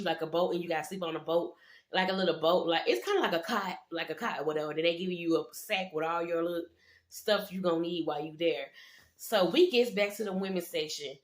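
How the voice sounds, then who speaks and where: A woman's voice: lowish voice, reverberant. A young woman casually telling a storytime vlog, slangy and profane, acting out the people she quotes. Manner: slangy, profane, animated quoting.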